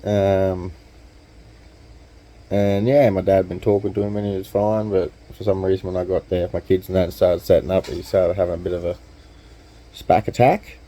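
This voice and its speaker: Australian male vlogger spinning a yarn: easygoing and slangy, with a low and very warm voice. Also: fairly even intonation, moderate pace, low-quality recording. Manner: laid-back, chatty, slangy. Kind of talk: casual storytelling.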